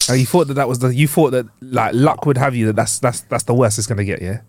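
A man's voice: mid-range voice, fast talker, darkish tone, dry recording. A man co-hosting a casual podcast, chiming in with agreement and slang. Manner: supportive, frequent yeahs and laughs, slangy. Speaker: podcast co-host. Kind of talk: casual chat.

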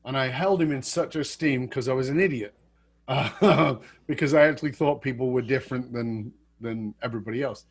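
A man casually telling a story, animated, acting out the people he quotes and laughing at himself. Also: mid-range voice, moderate pace, slightly rough.

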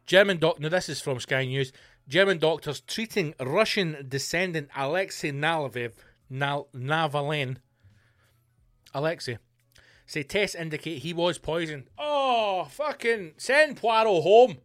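A man hosting his own podcast, ranting in a profane, animated, mocking way and reading out news with sarcastic asides. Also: a little high, unhurried, no echo, clean studio sound. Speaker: podcast host. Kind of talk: solo comedic rant. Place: home studio bunker.

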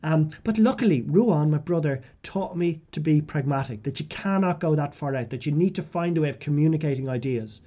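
A man with an Irish accent spins an animated, self-deprecating story as a podcast guest, tripping over and restarting his phrases. His pitch sits a touch high for a man, and his tone is warm and mellow rather than bright. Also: brisk, hardly any pauses. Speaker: guest writer.

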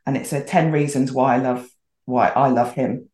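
A woman's voice: extremely low pitch, fairly even intonation, moderate pace, a little mellow. A middle-aged woman telling a story casually as a podcast guest, chatty and acting out the voices she quotes. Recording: roomy echoey sound.

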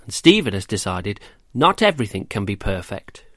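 A man reading a rhyming children's story aloud, gentle and measured, then quizzing children about it. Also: on the low side, big pitch swings, no room sound, studio quality. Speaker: storyteller and host.

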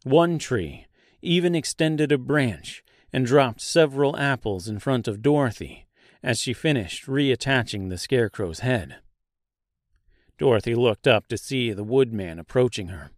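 Slow, measured male audiobook narrator. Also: mid-range voice, dry recording, studio quality. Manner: measured storyteller reading. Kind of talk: scripted narration.

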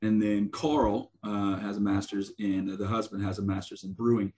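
A man's voice: fairly low pitch, level tone, moderate pace, a little mellow. A man, a guest on a casual podcast, chatting easily about brewers and swearing offhandedly. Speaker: guest from a beer distributor. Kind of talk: casual chat.

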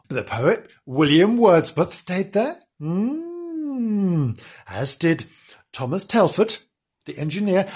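A woman hosts a playful storytelling podcast with a husky, breathy voice. Her pitch swoops about in a lively, sing-song way. She tells the tale theatrically, with gasps, jokes and words she says again and again. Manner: theatrical, gasping and jokey, with self-interrupting repetitions. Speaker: podcast host.

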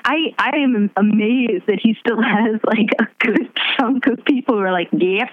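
A woman chatting casually on a podcast, animated and laughing, with her pitch swooping as she talks. The audio is slightly dull and muffled. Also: normal speed, no echo. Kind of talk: casual chat.

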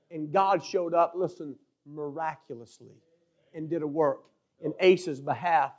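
High-voiced preacher. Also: male voice. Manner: preaching with rising, shouted emphasis and asides. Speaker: pastor. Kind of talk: sermon.

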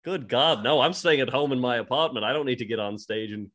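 Aging Liverpool music legend, deadpan and rambling, a man doing the impression. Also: medium pitch, brisk, lightly acted. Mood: wry. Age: 70s. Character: elderly John Lennon impression, dry and rambling. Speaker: host. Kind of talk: improvised comedy podcast impression.

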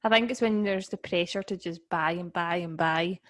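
A woman's voice: lowish voice, moderate pace. Teasing woman, laughing often. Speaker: podcast co-host. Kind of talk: casual chat. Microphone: video call.

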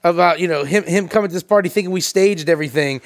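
A man's voice: high-pitched, quick pace. A man co-hosting a podcast, joking and laughing through casual banter. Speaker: podcast co-host.

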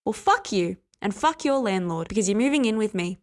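A man's voice: high-pitched, lively intonation, a little fast. A woman voicing an angry, profane young male bartender who barks and swears in an audiobook reading. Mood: brusque. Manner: cursing, barking, hot-tempered. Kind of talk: audiobook character voice.

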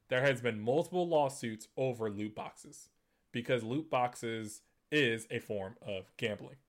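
A man hosting a gaming news show, talking in a loose, conversational way with lots of fillers and restarts. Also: medium pitch. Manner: conversational, many fillers and restarts, laughs at points. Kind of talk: casual commentary.

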